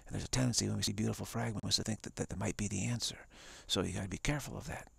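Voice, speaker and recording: Male spiritual teacher, live-streamed talk: a deep, heavily gravelly voice, emphatic and repetitive, slipping into whispers. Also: rapid-fire, no echo.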